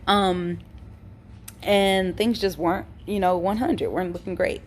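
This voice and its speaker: A woman's voice: on the low side, a little slow, a little hiss or hum. Tired woman chatting to camera. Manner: chatty, informal, addresses viewers as y'all, frequent ums and sighs. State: tired, yawning; recovering from throat illness. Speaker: vlogger. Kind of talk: casual chat to camera.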